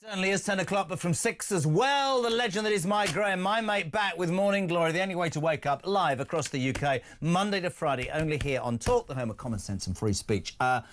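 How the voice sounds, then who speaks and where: A man hosting a live radio phone-in, talking into a studio mic. His voice sits notably high, and he keeps up a brash patter of quick asides. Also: lively intonation, fairly bright tone, slight background noise. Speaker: radio talk show host. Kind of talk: live talk radio presenting. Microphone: studio microphone.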